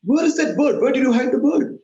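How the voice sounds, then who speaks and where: A man's voice: very high voice, expressive, fairly quick, dark tone, roomy sound, highs cut off, voice pushed up. A man voicing the male god of death in a retold legend, questioning sharply.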